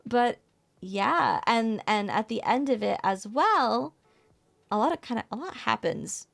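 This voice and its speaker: A woman co-hosting a casual podcast, recapping an anime episode in a rambling, excitable way and laughing often. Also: a little high, measured pace, gravelly. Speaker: podcast co-host.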